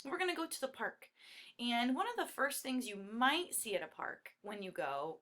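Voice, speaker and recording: A woman's voice: fairly high pitch, big pitch swings, normal speed, bright, forceful tone. A woman leading young children through a dance song, talking in a cheerful, encouraging way. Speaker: children's movement teacher. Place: at home. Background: acoustic guitar.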